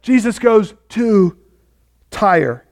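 High voiced pastor guy preaching, tells the story dramatic, talks right to the people. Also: animated, very slow, gravelly, darkish tone. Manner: dramatic storytelling, speaks to the congregation directly. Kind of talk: sermon.

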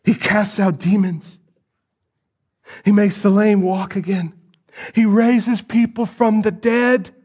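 A man preaching a sermon, retelling the story dramatically and swinging from hushed tones to loud pleas, with rhetorical questions to the listeners. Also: sits high, fairly even intonation, takes it slowly, long pauses.

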